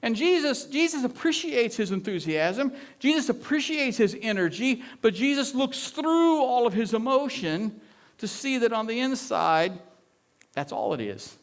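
A man from the United States preaching a sermon as pastor, in an animated, chatty way that often repeats words. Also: very high-pitched, a little slow.

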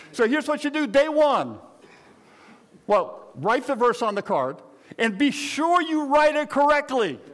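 A man's voice: very high voice, big pitch swings, takes it slowly, long pauses, fairly bright tone. A man in his sixties preaching a conversational sermon to a live congregation, folksy and joking, often talking straight to the people in front of him. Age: 60s. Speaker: pastor.

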